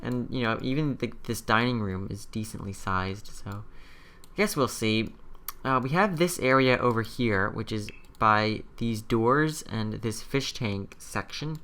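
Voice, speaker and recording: A young man with a bright, clear tone talks his way through a building session in a casual, meandering way. He thinks out loud, hesitates often and fills the gaps with ums and likes, keeping it relaxed and unscripted. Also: fairly low pitch, unhurried. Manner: rambling, thinking aloud with many fillers. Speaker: video host building in a game. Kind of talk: casual gameplay commentary.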